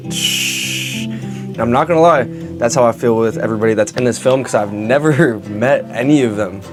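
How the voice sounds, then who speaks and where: A man's voice: mid-range voice, moderate pace, over music. A young man who is in the cast reacts to the film in slangy, enthusiastic casual commentary.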